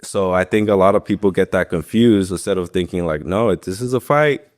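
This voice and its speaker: His voice sits low and he talks fairly quickly. The guest is a young professional MMA fighter recounting his story in a relaxed interview, full of filler words, rambling, and free swearing.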